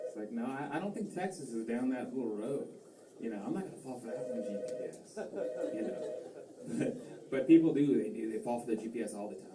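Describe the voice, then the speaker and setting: A man's voice: medium pitch, expressive, quick pace, heavy background noise. A man doing a stand-up comedy set, rambling and self-deprecating, with lots of fillers and restarts. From Massachusetts. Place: comedy club stage. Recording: roomy club sound from a distance, faint crowd ambience.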